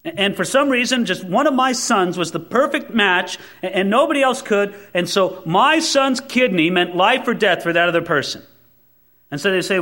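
A man preaching a sermon, emphatic and dramatic, dropping to soft asides and then swelling on key words, and acting out the voices he quotes. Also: sits high, expressive, normal speed. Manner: emphatic, swinging between loud stresses and soft asides.

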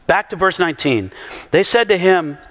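A man with a high, strongly animated voice preaches to his congregation, acting out every quote he tells. His pitch leaps up and down, and his words ring out with a long reverb from a large hall. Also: normal speed. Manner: animated storyteller who acts out quotes. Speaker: pastor. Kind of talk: sermon.

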